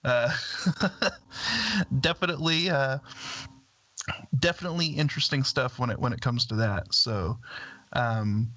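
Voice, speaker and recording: A man filling in as host of a talk radio show, talking slowly and pausing often with filler sounds as he works through ideas. His voice is bright and dry, and the stream sounds a little dull and lo-fi. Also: medium pitch, no echo. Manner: hesitant, many "uh" fillers. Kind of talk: casual talk radio chat.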